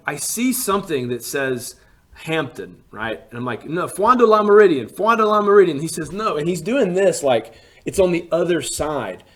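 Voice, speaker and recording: A man from Alabama, telling a personal travel story in a casual, animated way and acting out what people said. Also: a little high. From Alabama, USA. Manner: animated, acts out quotes with rising emphasis.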